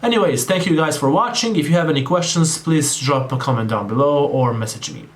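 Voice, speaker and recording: A man's voice: on the high side, brisk. A man tutoring on literature in a casual exam-prep lecture, talking straight to viewers with frequent ums and asides. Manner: casual, addresses viewers as guys, many ums.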